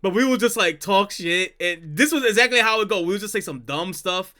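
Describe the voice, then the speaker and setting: Bright, animated streamer man. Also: high-pitched, fairly quick. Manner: laid-back, laughing, chatty asides. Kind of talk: casual reaction commentary.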